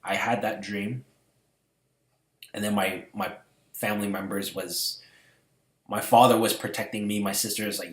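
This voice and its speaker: Low-voiced man rambling about his dreams. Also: steady tone, moderate pace, long pauses, roomy sound. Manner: rambling, many fillers, shifts from hushed to loud. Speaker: vlogger. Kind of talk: casual storytelling.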